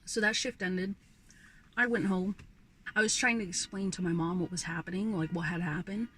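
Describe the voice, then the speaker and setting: A woman's voice: lowish voice, steady tone, moderate pace, a bit bright, a little hiss or hum. A young woman vlogger ranting casually about her old job, swearing freely and sighing often. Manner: profane, ranting, sighs often. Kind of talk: casual rant.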